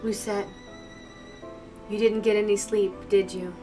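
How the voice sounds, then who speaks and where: A woman voicing a somber, gentle young male knight, speaking quietly and gravely from a distant mic with faint music. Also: medium pitch, flat delivery, a little slow, natural voice.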